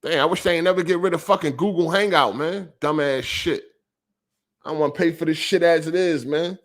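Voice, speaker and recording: A man's voice: a little high, brisk. A man hosting a livestreamed gaming podcast, ranting with heavy profanity and reading viewer super chats aloud. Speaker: podcast host.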